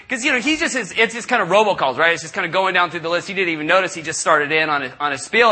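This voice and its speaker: A middle-aged man preaching, telling a story with lively asides and acting out the people in it. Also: high-pitched, fast, few pauses, breathy edge. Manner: animated, acts out callers in raised voices. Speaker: pastor. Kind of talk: sermon storytelling. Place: church service.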